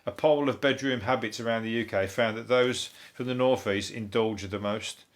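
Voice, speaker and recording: A man with a Birmingham accent rambles through a comedic review of the news, swearing freely and laughing at his own jokes. His voice sits at an everyday middle pitch. Now and then he slips into quick silly impressions. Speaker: comedian host.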